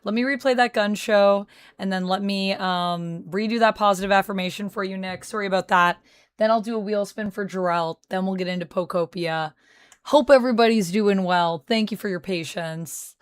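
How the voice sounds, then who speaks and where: Canadian woman, mid-pitched, casual streamer banter answering chat, dry close recording. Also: moderate pace, clear, resonant tone, dry recording. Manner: chatty, reads chat messages aloud and answers them.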